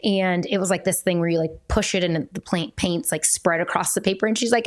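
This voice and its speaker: A woman's voice: lowish voice, steady tone, brisk, hardly any pauses. A woman hosting a parenting podcast, talking in a chatty, candid way with fillers and self-corrections. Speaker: podcast host and parenting coach.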